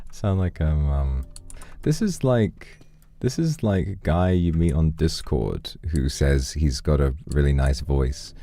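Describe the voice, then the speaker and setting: Very deep-voiced male streamer. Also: takes it slowly, soft background music. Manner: playful, joking, with excited stammering. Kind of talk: casual game-stream chat.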